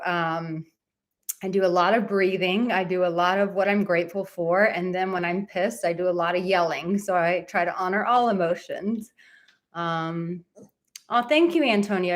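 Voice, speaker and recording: A woman relationship coach chats casually on a live stream from a relative's home, reading viewer comments in a bubbly, talkative way. Her voice is mid-range.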